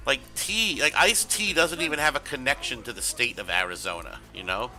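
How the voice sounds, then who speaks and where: Bright-voiced, sarcastic male streamer. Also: mid-range voice, fairly quick, faint music behind. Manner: rambling, profane, sarcastic. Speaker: game streamer. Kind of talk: casual gaming stream commentary.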